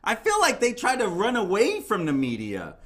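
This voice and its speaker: A man's voice: high voice, wildly swooping pitch, normal speed, fairly bright tone. A man hosting a casual interview, reacting to his guest and asking follow-up questions. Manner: reactive, laughs along. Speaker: interview host.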